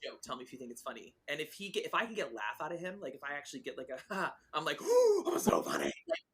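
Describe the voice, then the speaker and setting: A bright, quick-talking woman in her forties, chatting as a podcast guest. Her pitch leaps around as she acts out every line of her stories, and she swears without a second thought. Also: slightly rough. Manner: animated storyteller, acts out dialogue, swears freely. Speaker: guest author. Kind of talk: casual podcast chat.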